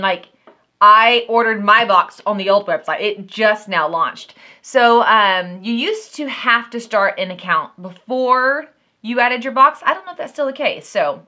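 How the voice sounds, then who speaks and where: A young woman with a Southern Texas accent, chatting excitedly to camera in a casual unboxing vlog. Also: a little high. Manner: chatty, excitable, drawls and says y'all. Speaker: vlogger, unboxing host.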